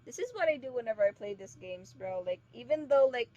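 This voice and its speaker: A woman's voice: fairly high pitch, expressive, fairly quick, a little mellow. A woman streaming a game, chatting casually and laughing often. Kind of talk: casual let's-play chat. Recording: faint background noise, lo-fi stream mic.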